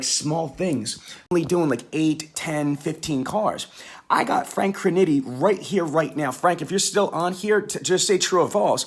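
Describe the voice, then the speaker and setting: Husky, fired-up male sales trainer. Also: on the high side. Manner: emphatic, repetitive, hyped-up coaching; chatty, slangy asides. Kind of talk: live-streamed sales training.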